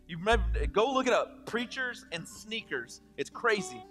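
Pastor, male, 30s, chatty storyteller with a slightly high voice, echoing church hall, faint band behind. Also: normal speed, soft background music. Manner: chatty, animated, jokey, many restarts. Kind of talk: casual sermon storytelling. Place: church hall with long reverb.

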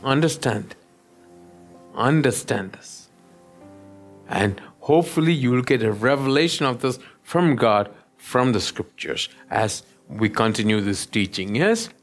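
A pastor preaching a sermon, often stopping to check that the listeners follow him. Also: male voice, mid-range voice, lively intonation, a little slow, faint music behind. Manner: keeps checking in with the listeners, asking "yes?".

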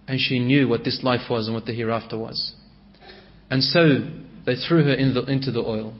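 A man preaching a sermon in storytelling style, swinging between raised and hushed delivery. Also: medium pitch, steady tone, moderate pace. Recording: dull lo-fi recording.

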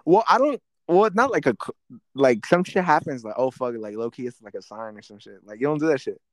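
A young man hosting a podcast, talking casually in a halting, rambling way, often searching for words. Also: mid-range voice, lively intonation, no room sound. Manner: rambling, halting, many fillers and restarts. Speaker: podcast host. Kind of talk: casual chat.

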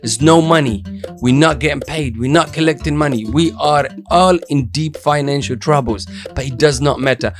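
A man's voice: on the high side, moderate pace, over music. Hyped-up man hosting a chat show. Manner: hyped, motivational, joking. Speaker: show host. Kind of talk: upbeat casual chat show. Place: studio.

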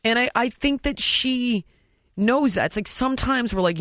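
A woman's voice: on the high side, animated, normal speed, a bit bright, dry recording, clean studio sound. A woman hosting a podcast, talking frankly and swearing freely as she tells stories from her life as a mother. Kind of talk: candid casual podcast chat. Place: podcast studio.

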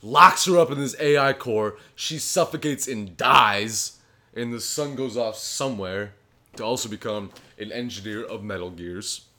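A man co-hosting a podcast, with a low voice, recapping a story in a rambling, profane casual chat. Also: unhurried, pushed and bright. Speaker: podcast co-host.

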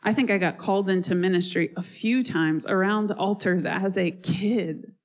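A woman delivering a sermon at a mid pitch, her tone chatty and lively rather than formal. She moves from reading aloud to direct, conversational asides to her listeners. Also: normal speed, poor audio. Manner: conversational, animated preaching with asides and laughs. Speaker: preacher.

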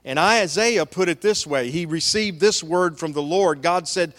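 High-voiced pastor preaching in a reverberant hall. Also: male voice, measured pace, hardly any pauses, a bit bright. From American South. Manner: storytelling with folksy asides. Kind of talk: sermon. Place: church sanctuary. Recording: long church hall reverb.

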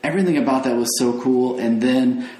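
A man's voice: mid-range voice, a little fast, dark tone. Chatty man hosting in a roomy space. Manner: enthusiastic, rambling with restarts. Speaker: podcast host. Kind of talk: casual film discussion. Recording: roomy echo.

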